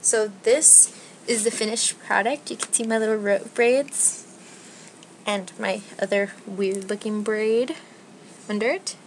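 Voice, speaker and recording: A beauty vlogger with a medium-pitched, steady voice speaks at a measured pace during a casual hair tutorial at home. The young woman rambles, says "like" a lot, makes fun of herself, and is slightly out of breath. The low-quality recording carries a little hiss or hum.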